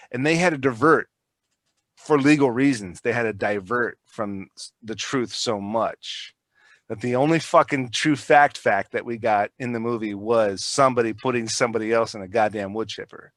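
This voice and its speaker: A man's voice: mid-range voice, dry recording. A man co-hosting a podcast, rambling in casual chat, swearing a lot and restarting his sentences. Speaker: podcast co-host.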